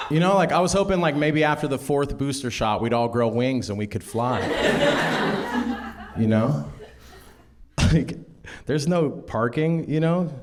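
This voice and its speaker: A man's voice: a little high, lively intonation, normal speed, long pauses, heavy background noise. A young man performing a stand-up comedy set, rambling casually with lots of fillers and acting out quotes. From half Mexican, half German. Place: comedy club stage with audience laughter.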